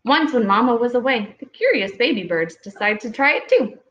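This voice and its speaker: A woman reading picture books aloud to young children at home, pausing gently to ask them questions. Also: a little high, animated. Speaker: storytime reader. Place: home room with children nearby. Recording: echoey room, dull lo-fi audio.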